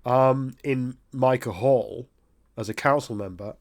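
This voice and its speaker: A man's voice: medium pitch, takes it slowly. A man running a tabletop role-playing game, narrating scenes with casual asides and the odd swear. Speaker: game master.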